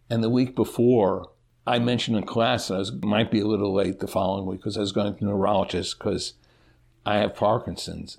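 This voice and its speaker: Man, middle-aged, husky, gravelly, candid interview guest, halting speech. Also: fairly low pitch, a little mellow. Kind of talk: personal storytelling in an interview.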